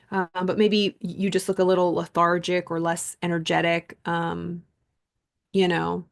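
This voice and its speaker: Female coach, creaky fry in her voice, reads passages and then riffs in chatty, filler-heavy storytelling. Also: fairly low pitch. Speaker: self-development coach. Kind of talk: reading a book aloud with casual commentary.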